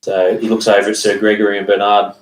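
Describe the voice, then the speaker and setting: A man narrating as game master of a tabletop game, halting and filling pauses with ums and uhs. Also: lowish voice, completely flat delivery, distant mic. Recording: echoey room.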